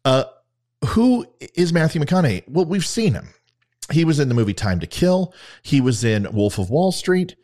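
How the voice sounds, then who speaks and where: A man's voice: on the high side, big pitch swings, normal speed, darkish tone. A man hosting his own political talk podcast, speaking to listeners in a combative, conversational way. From Louisiana. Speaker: podcast host. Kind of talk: opinionated political talk show.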